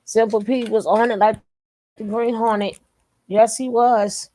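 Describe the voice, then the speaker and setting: Emphatic woman with a higher voice. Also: level tone, measured pace, dark tone. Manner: emphatic, repeats phrases over and over; blunt, curses then apologizes. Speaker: reaction commentator. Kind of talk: reaction commentary.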